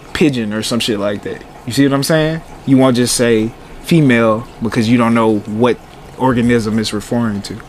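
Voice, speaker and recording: A man's voice: medium pitch, slight background noise. A young man co-hosting a podcast in casual chat, laid-back and teasing, explaining his points patiently. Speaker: podcast co-host.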